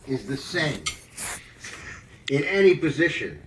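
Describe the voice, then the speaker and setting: A man's voice: medium pitch, animated, moderate pace. Male drum teacher thinking aloud in a live lesson, noisy room. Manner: rambling, thinks aloud with many fillers. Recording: echoey room, mic at a distance, background noise.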